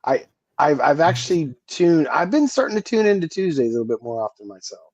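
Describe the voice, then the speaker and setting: A man's voice: on the high side, sing-song, a little fast, a little mellow, no echo, dull audio. A man co-hosting a comedy podcast, teasing the host and tripping over his words. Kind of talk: casual comedy podcast chat.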